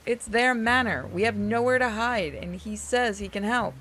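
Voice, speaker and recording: A woman's voice: fairly high pitch, moderate pace, fairly bright tone, slight background noise, lightly acted, poor audio. A woman voicing a panicked, cowardly young man who pleads in a whiny way. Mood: scared.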